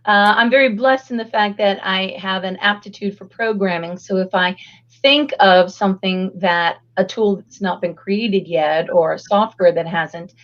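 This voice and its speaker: Raspy hoarse woman guest chatting upbeat, kinda dull lo-fi audio. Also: medium pitch, moderate pace, fairly bright tone. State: hoarse after illness. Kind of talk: casual interview.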